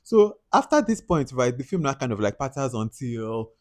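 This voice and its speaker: A man with a Nigerian accent giving a casual, chatty film review, animated and laughing often. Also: medium pitch, normal speed.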